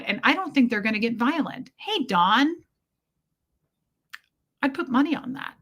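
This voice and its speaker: A woman's voice: mid-range voice, expressive, moderate pace, bright, forceful tone. A woman hosting a casual livestream, telling a story bluntly and with profanity while greeting viewers by name. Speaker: livestream host.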